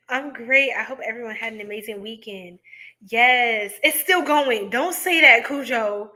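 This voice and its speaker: A young woman hosts a tarot livestream, reading out comments and joking with her chat. She speaks, breaks into laughter often and loves a pun. Her voice sits high and bright, and she takes her time. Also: a little slow. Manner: giggly, playful, punning, laughs often. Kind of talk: casual live-stream chat reading viewer comments.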